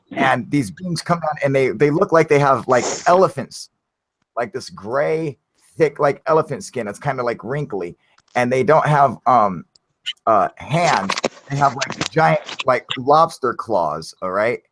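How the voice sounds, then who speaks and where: A man's voice: medium pitch, no room sound. A man hosting a live stream, telling a story casually in a rambling way, full of fillers and the odd curse word. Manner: rambling, filler-heavy, animated retelling with casual swearing. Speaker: channel host.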